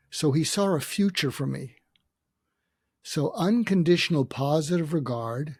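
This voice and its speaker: An older man, a podcast guest, telling a personal story reflectively, pausing often and quoting what others said. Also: mid-range voice, a little mellow, dry recording, studio quality. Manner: reflective, with many hesitations and quoted dialogue. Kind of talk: storytelling in a conversation.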